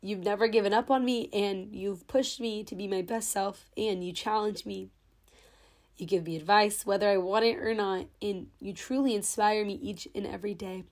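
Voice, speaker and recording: A woman's voice: medium pitch, fairly even intonation, moderate pace, a little mellow. A young woman hosting her own podcast, speaking a sentimental thank-you monologue and holding back happy tears. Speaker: podcast host. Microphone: own camera.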